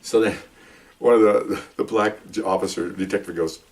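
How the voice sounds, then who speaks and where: A man's voice: fairly low pitch, fairly even intonation, normal speed, a little mellow, distant mic. An older man, a retired police officer, telling stories in a rambling, casual way and acting out bits of dialogue. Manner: rambling, acts out quoted dialogue. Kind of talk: casual storytelling.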